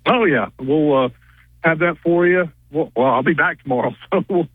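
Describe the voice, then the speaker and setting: A man's voice: on the high side, moderate pace, slightly rough, no room sound. A man calling in to a radio show as a reporter, chatting casually and rambling with lots of fillers, often losing his train of thought. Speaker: reporter calling in from media days. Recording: tinny phone line, dry.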